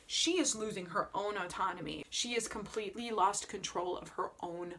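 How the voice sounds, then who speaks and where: A woman chatting casually as an Enneagram coach, animated and emphatic, with playful jokey asides. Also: mid-range voice, moderate pace, creaky, slight background noise. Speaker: Enneagram coach and opera vlogger. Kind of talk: casual vlog chat.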